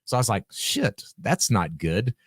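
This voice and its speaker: Man, low voice, lively swings in pitch, dry close mic, storyteller who acts out dialogue. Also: a little slow, breathy edge, no room sound. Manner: animated, acts out quoted dialogue, swears freely. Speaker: podcast guest. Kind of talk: casual storytelling.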